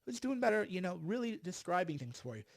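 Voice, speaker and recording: A middle-aged man delivers livestreamed political commentary in a blunt, emphatic way. His voice sits fairly high for a man. He pauses to puff on a cigar as he talks. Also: big pitch swings, gravelly.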